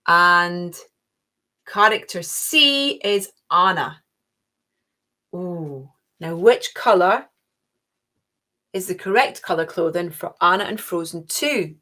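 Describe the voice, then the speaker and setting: A woman's voice: lowish voice, animated, slow pace, long pauses, pushed and bright. A middle-aged woman hosting an online quiz, chatty and cheerful, gushing with little oohs. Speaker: quiz host.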